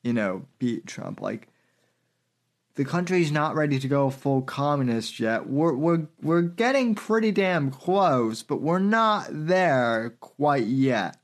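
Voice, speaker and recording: A man hosting a political commentary podcast, talking in a halting way with many fillers. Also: a little high, very animated. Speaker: podcast host.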